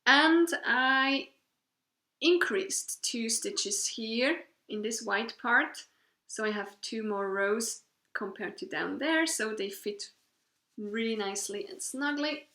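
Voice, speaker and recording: A woman's voice: a little high, lively intonation, slow, pushed and bright. A woman in her thirties from Switzerland, hosting a knitting podcast in casual show-and-tell chat, cheerful and gushing about her finished pieces. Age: 30s. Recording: echoey room.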